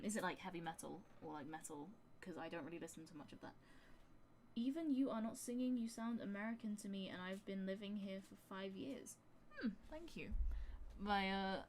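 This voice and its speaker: A young woman chatting casually on a livestream while producing music, thinking out loud and drifting into soft asides. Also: fairly low pitch, a little hiss or hum.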